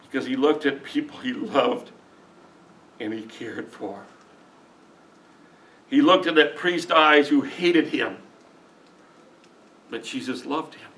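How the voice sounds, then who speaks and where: A man's voice: medium pitch, slow pace, long pauses, a bit bright. Middle-aged pastor guy preaching, emotional and folksy, sounds a bit far from the mic. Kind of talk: sermon. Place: church sanctuary.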